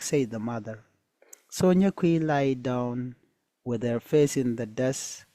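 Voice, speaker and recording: Slow, mellow-voiced man reading a folktale. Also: mid-range voice, no room sound. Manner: hesitant, with many fillers. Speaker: storyteller and teacher.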